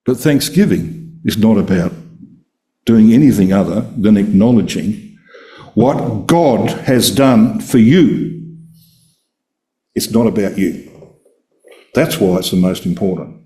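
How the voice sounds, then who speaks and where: Lively, emphatic male Bible teacher. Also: a little slow, long pauses. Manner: emphatic, rhetorical questions, lively swings in pitch. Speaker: Bible study speaker. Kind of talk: expository Bible talk.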